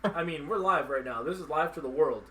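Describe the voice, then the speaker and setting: Guy hosting a live stream interview, kinda high voice, rambly, faint background hiss. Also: a little fast, a bit bright. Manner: loose, rambling, lots of fillers and "like". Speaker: host.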